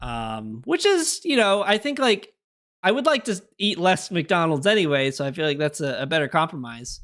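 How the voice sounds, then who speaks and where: A man's voice: a little high, sing-song, normal speed, a bit bright. A young man chatting casually on a live stream, rambling through opinions and answering his chat with little laughs.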